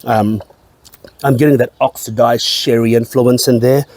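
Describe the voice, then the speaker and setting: Give me a man casually reviewing a whisky, rambling and repeating phrases, with an average-pitched voice. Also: fairly even intonation, normal speed, a little mellow, no echo. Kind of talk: casual tasting-note chat.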